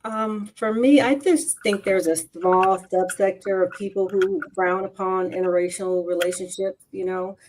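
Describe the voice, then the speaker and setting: A woman speaking in a relaxed, measured way in a casual panel discussion. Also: mid-range voice, a little hiss or hum. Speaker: panel guest.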